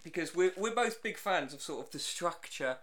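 A man's voice: fairly high pitch, lively intonation, moderate pace, a bit bright. A man co-hosting a podcast, teasing his co-host and laughing often in casual banter.

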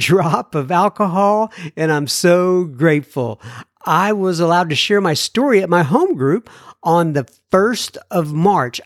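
A man's voice: high-pitched, no room sound, clean studio sound. A man from Texas hosting a podcast, casually reading and answering listener messages. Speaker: podcast host.

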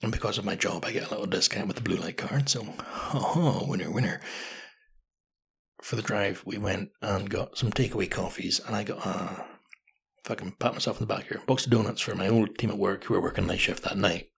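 Gravelly man telling stories. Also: fairly low pitch, brisk, a bit bright. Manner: chatty, swears freely, self-mocking. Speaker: podcast host. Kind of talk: casual solo podcast storytelling.

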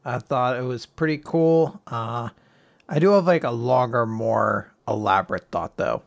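A young man co-hosting a casual podcast, recapping a comic chapter in an animated, joking way and telling corny puns. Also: mid-range voice, a little slow, creaky, no echo. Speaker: podcast co-host. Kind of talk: casual manga recap chat.

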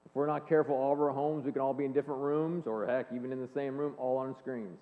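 A man's voice: medium pitch, fast. Man speaking in an echoing hall. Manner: storytelling, earnest and animated. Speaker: speaker and leadership coach. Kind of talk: faith-based talk to an audience. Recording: long hall reverb, phone-like band.

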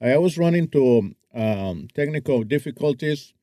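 Laid-back teasing man, mellow voice. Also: medium pitch, lively intonation, moderate pace, no echo, clean studio sound. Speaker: podcast co-host. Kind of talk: casual chat.

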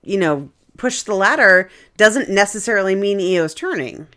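A woman's voice: mid-range voice, lively intonation, normal speed, pushed and bright. A woman co-hosting a podcast, answering in casual chat with short agreements and dry asides. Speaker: podcast co-host.

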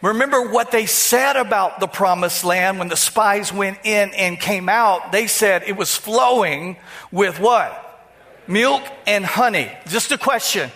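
High, bright-voiced pastor preaching. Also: male voice, measured pace. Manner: conversational preaching, repeats words, talks to the congregation. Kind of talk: sermon. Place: church.

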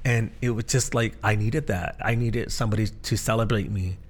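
In casual conversation, a low-voiced pastor and podcast co-host tells stories from his own life at a normal speed with fairly even intonation. He comes across as earnest, frequently restarting and filling gaps with fillers.

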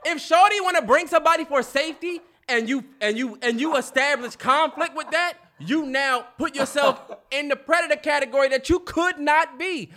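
Man, very high voice, bright tone, heated podcast argument, animated. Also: normal speed, hardly any pauses. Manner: animated, cursing, storytelling. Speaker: podcast co-host. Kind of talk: heated casual debate.

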